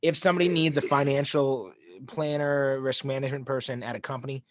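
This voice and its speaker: A man's voice: medium pitch, flat delivery, a little fast, crowd noise. A man co-hosting a casual podcast chat, rambling and self-mocking, often trailing off mid-thought. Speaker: podcast co-host.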